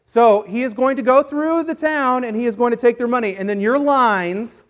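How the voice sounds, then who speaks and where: A man preaching a sermon as a pastor, playful and energetic, joking with volunteers while acting out a Bible story. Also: extremely high pitch, moderate pace. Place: church service.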